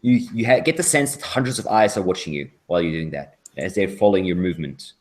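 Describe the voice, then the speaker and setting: A man running a tabletop role-playing game as game master, narrating scenes slowly and atmospherically. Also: deep voice, animated.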